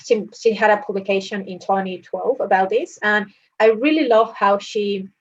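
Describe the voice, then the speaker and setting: A woman's voice: mid-range voice, moderate pace, lo-fi sound. A woman dietitian giving a presentation, explaining in an earnest, coaching way. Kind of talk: recorded presentation.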